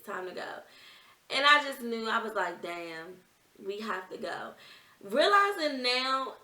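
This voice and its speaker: A woman's voice: mid-range voice, pushed and bright, distant mic. A young woman vlogger earnestly telling a personal story in a conversational, emotional way. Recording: echoey room, off-mic.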